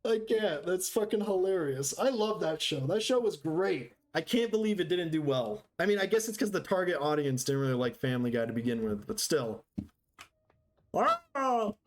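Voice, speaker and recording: Joking, animated male streamer. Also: fairly high pitch, fairly quick, hardly any pauses. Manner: joking, sarcastic, rambling. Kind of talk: casual live-stream chat while gaming.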